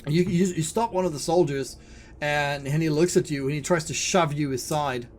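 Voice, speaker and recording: Halting male game master. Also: on the high side, noisy background. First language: Swedish. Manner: halting, repeats words while narrating. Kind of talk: narrating a tabletop horror game.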